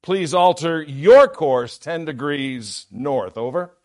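Preacher as a firm, courteous young private: raised pitch, slow and deliberate. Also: male voice, animated, darkish tone, no echo, studio quality. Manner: polite but firm. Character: calm, unyielding young male lighthouse keeper.

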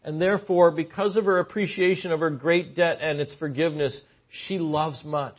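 A man preaching a sermon, shifting from quiet storytelling to loud, impassioned exhortation. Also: a little high, moderate pace, few pauses, slightly rough, muffled recording.

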